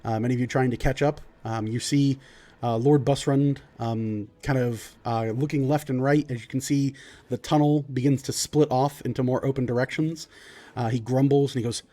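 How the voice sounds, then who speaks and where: A man narrating a tabletop role-play game as game master, in a relaxed, loose way. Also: medium pitch, normal speed.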